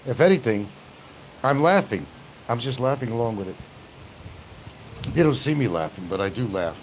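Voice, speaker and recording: Male livestream host, casual and profane, voice swinging up and down, faint noise behind. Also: mid-range voice. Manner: profane, laughing along, loose and rambling. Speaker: livestream host reading chat. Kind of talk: casual rambling chat.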